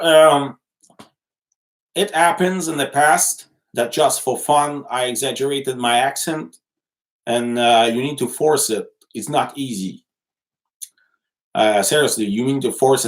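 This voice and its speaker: A man from Quebec City, a native French speaker, who speaks English with a Quebec French accent. He chats casually on a livestream, answering viewer comments in halting speech full of fillers and restarts. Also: medium pitch. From Quebec City, Canada. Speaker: livestream host and journalist.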